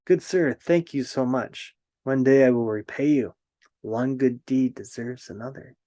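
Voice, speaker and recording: A man's voice: mid-range voice, unhurried, dark tone, dry recording, lightly acted. A man doing the indignant Ant King. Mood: grateful. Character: angry Ant King, proud tiny ruler.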